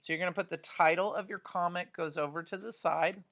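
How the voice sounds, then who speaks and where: A woman's voice: on the low side, fairly even intonation, a little fast, a bit bright. A woman art teacher talks students through a drawing demonstration, chatty and often checking in with "right?".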